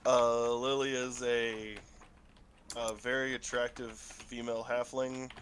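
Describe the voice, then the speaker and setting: A man with a bad flu, his voice thick and stuffy as though his nose is blocked, with a cough breaking in. He speaks at a middle pitch and describes his tabletop character haltingly, pausing on many filler words. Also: flat delivery, a bit bright, a little hiss or hum. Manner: hesitant, lots of filler words. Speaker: player.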